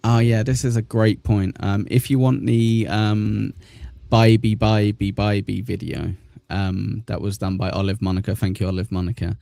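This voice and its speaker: A man's voice: lowish voice, steady tone, moderate pace, gravelly, mellow, no room sound. A man hosting a casual livestream, chatting and joking as he reads viewer comments aloud, dropping in crude insults. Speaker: livestream news show host. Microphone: desk mic in front of a green screen.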